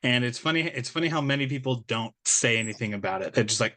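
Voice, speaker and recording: A man's voice: mid-range voice, animated, quick pace, sharp tone. A man hosting an interview podcast, asking questions and sharing stories in an earnest, casual way, often restarting his sentences. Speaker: podcast host.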